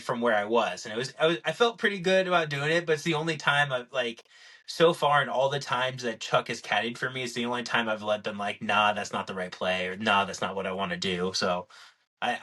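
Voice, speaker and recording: Young guy cohosting a chill podcast, bright voice, acts out every quote. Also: medium pitch, brisk. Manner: animated storyteller, acts out quotes. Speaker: podcast co-host. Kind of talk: casual chat.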